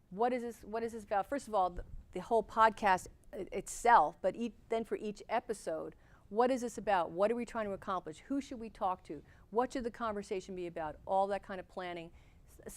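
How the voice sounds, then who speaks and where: A woman instructor gives a lecture to her class, speaking at an ordinary mid pitch. Her delivery is cheerful and animated, like someone who moves back and forth and gestures while she explains. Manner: animated, talks with her hands, moves around. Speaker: podcasting instructor.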